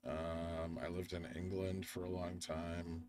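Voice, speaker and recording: A man's voice: low voice, little pitch movement, takes it slowly. A tired young man from the United States hosting a live stream, rambling casually while he reads the chat and the charts. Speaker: livestream host.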